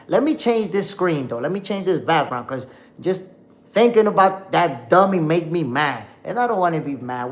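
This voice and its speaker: Heated and cursing, a young boxing show host rants through casual livestream commentary, addressing his audience as "my peoples." He speaks with a fairly bright voice on the high side.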